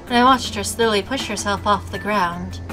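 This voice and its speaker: A woman's voice: mid-range voice, normal speed. A woman reading a visual novel aloud as a game streamer, with snarky asides between narration. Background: game music.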